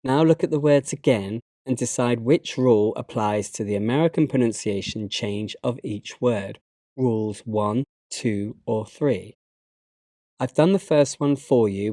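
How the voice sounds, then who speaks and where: A man with a British English accent, narrating a slide lesson and giving learners instructions in a measured, instructive way. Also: medium pitch, warm tone, no room sound, studio quality. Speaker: English teacher.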